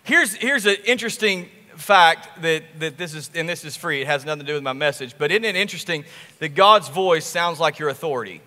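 A male pastor preaching a sermon, telling the story with animated, emphatic repetition. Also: a little high, brisk, in a large hall. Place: church sanctuary.

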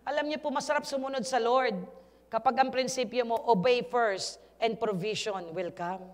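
A woman's voice: fairly high pitch, brisk, long reverb tail. A woman pastor with a Filipino accent, preaching a sermon and urging her congregation on. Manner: switches between Tagalog and English, urges the congregation, emphatic. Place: church hall.

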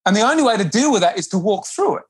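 A man talks earnestly as a guest on a yoga podcast. He often stops and restarts as he works through an idea. His voice is husky and breathy, and it is recorded dry and close. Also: high voice, very animated, racing, dry recording. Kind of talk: reflective conversational interview.

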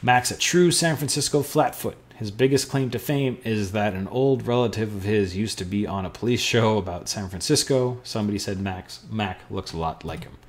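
A man's voice: lowish voice, moderate pace, hardly any pauses. A male podcast host playing an adventure game, making offhand, wry comments and reading the game narration aloud. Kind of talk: casual let's-play commentary and reading game text aloud.

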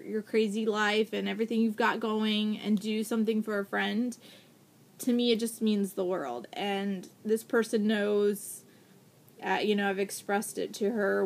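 A young adult woman vlogging at home, gushing excitedly as she shows off a package of gifts and repeats herself a lot. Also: medium pitch. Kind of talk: casual haul video.

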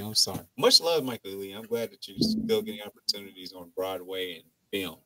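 A man hosting a casual TV review chat, animated, profane and mocking as he riffs on the episode. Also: on the low side, normal speed. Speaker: TV show review podcast host.

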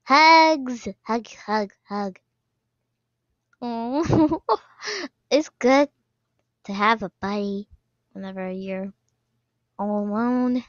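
A woman commenting on a game as she plays, excitable, often squealing and laughing. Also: a little high, drawn-out words, pauses often, dry recording. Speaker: gaming video creator. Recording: slightly dull lo-fi sound, dry.

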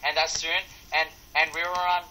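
A teenage boy chatting casually while gaming, goofing around with silly sing-song noises and sudden bursts of excitement. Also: fairly high pitch, fast talker, noisy background. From Filipino heritage. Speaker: Minecraft player. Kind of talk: casual gameplay chat.

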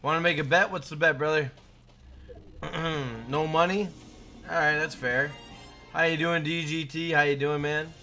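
A man's voice: fairly high pitch, fairly even intonation, unhurried, pauses often, soft background music. A young man live-streaming a game, chatting casually and hyping up his chat by name. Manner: hyped, shouts out chat names.

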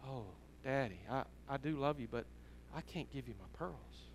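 A man's voice: medium pitch, moderate pace, a little hiss or hum, natural voice, low-quality recording. A man voicing a pleading little girl. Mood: sweet. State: crying. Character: six-year-old girl, devoted to her pearls.

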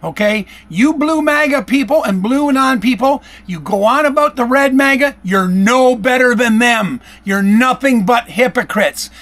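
A man from Michigan, a vlogger, delivers a heated, yelling, accusatory political rant straight to his camera. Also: very high-pitched. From Michigan, USA. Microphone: camera-facing, self-recorded.

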